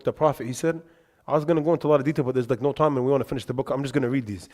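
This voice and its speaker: A man giving a religious lesson in a mosque, telling lively anecdotes with quick asides. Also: medium pitch. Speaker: religious teacher. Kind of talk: storytelling lesson to a congregation. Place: mosque hall. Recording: reverberant mosque hall.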